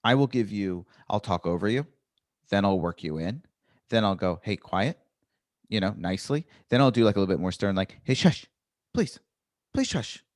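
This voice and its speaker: A man, a guest comedian, telling stories in an animated, ranting way in a casual podcast chat. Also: fairly low pitch, fairly quick, dry recording, studio quality.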